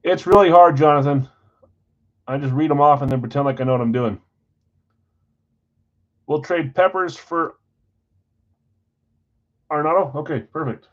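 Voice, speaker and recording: A man's voice: a little high, moderate pace, pauses often, dull audio. A man hosting a live stream, casually reading off trades and talking to buyers in a scattered, self-deprecating way. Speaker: card break host.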